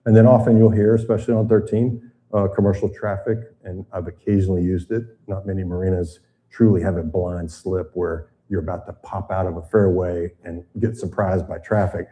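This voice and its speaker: Low, dark-voiced older man teaching. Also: flat delivery, a little fast. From United States. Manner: conversational, explanatory, frequent fillers. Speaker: seminar presenter. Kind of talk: boating safety seminar talk. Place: seminar room with audience.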